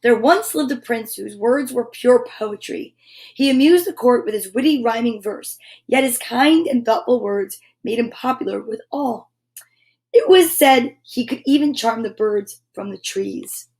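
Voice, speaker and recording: A woman hosting a children's story time, reading books aloud in a gentle, animated way. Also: a little high. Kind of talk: reading picture books aloud to kids live.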